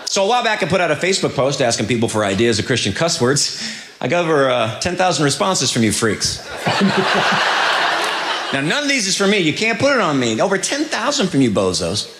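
A man's voice: a little high, huge pitch swings, brisk, a little hiss or hum. A man doing a stand-up comedy routine on stage, teasing the audience in a playful way. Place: stage before a live audience. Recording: roomy stage recording, loud crowd. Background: audience laughter.

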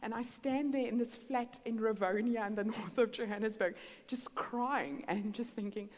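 A woman's voice: fairly high pitch, moderate pace. Woman preaching in a reverberant hall. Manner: animated storytelling, acting out dialogue. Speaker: guest speaker. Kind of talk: sermon with personal testimony. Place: church hall.

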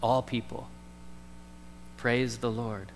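A man in his thirties preaching a conversational sermon, jumping from loud emphasis to soft, slow stressed words. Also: medium pitch, steady tone, big-room sound, slight background noise. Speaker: pastor. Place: church sanctuary.

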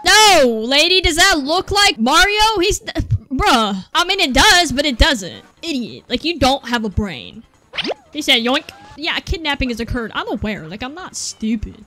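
A young woman commentating her gameplay, excitable and sarcastic, talking back to the characters on screen. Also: sits high, measured pace. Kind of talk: let's play commentary.

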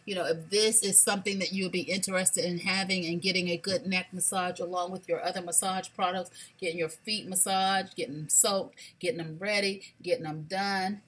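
A woman, hosting a casual live shopping stream, sassy and animated, talking straight to her viewers. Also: lowish voice, a little fast, hardly any pauses. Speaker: livestream shopping host.

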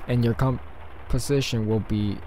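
A man voicing a formal male patron in a game, reading his letter in a low, stiff tone. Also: steady tone, a little slow, dark tone, a little hiss or hum, lightly acted, rough recording. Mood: grand.

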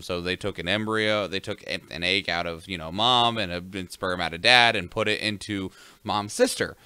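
Bright, crisp-voiced casual man. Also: sits low, moderate pace, no echo. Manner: laid-back, chatty, says "like" often. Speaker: podcast co-host reading news. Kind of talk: casual news chat.

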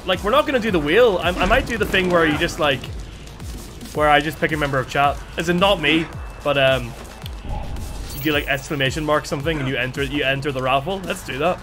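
A young man streaming a video game, chatting casually and excitedly with his viewers. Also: a little high, fairly quick. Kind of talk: casual live-stream commentary. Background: game music and sounds.

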